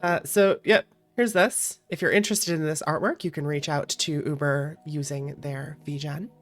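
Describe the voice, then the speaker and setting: A woman's voice: low voice, fairly even intonation, normal speed. A woman streamer hosting a stream, chatting in a playful, joking way with a friend. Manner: playful, giggly, joking banter. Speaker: streamer host. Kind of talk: casual chat. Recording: faint background music.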